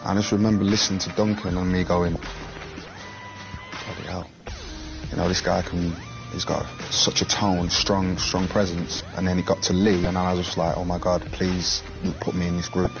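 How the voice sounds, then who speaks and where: A man's voice: low-pitched, flat delivery, normal speed. A man, a pop singer, telling boastful, laddish anecdotes in a documentary interview. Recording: dull TV audio with music.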